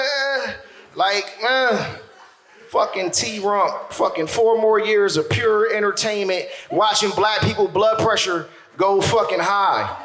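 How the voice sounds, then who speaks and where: Loud, animated male stand-up comedian. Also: high-pitched, reverberant. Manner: loud, animated storytelling with acted-out voices. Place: stage in a venue with audience.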